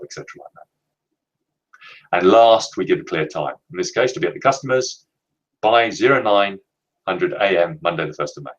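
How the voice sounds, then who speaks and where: A man presenting a leadership training webinar, explaining in a measured, emphatic way and slowing down to stress key words. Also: deep voice, rough recording.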